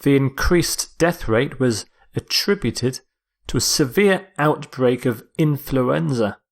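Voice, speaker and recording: Slow, deliberate male English teacher. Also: mid-range voice, animated, vocal fry. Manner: slow, deliberate, with self-corrections. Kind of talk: vocabulary lecture.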